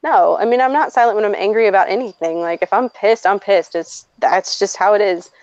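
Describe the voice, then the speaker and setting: A woman in her twenties chats casually and tells personal stories, blunt and profane, laughing often as she goes. Her voice is mid-range and a little mellow, and she talks fairly quickly. The recording is dry and slightly dull.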